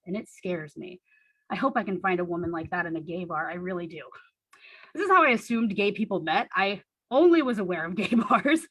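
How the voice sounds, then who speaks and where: A young woman reading her teenage diary aloud on stage, earnest and deadpan with wry asides. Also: fairly low pitch, husky, no room sound, poor audio. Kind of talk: comic reading of childhood diary.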